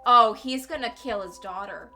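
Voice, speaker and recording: Bright-voiced woman commenting on a game. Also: on the high side, moderate pace, soft background music. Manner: frank, swears freely. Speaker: streamer playing a game. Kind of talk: casual gameplay commentary.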